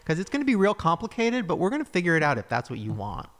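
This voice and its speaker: A man's voice: sits high, huge pitch swings, quick pace, fairly bright tone. A man hosting a podcast, chatty and giggly, running segments and plugs. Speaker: podcast host. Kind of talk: casual podcast chat.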